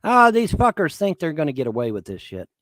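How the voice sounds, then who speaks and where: A man's voice: fairly high pitch, wildly swooping pitch, a little fast, fairly bright tone, no echo. A man in his fifties on a livestream, swearing and making threats in a repetitive rant. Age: 50s.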